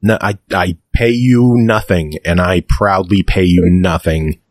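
A man's voice: low-pitched, steady tone, a little slow, darkish tone, no room sound, studio quality. A man hosting a gaming podcast, chatting casually, swearing and joking with his co-hosts. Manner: profane, joking, laughs easily. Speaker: podcast host. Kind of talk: casual chat.

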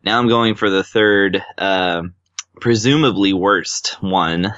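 A man's voice: low-pitched, takes it slowly, a bit bright, clean tone, no room sound, muffled recording. A man chatting as a podcast guest, rambling with lots of ums and uhs. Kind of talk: casual chat.

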